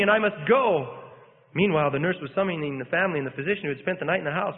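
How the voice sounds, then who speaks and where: A man preaching a sermon, reading an account aloud with fervent, rising and falling emphasis. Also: sits high. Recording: phone-like sound in a reverberant hall.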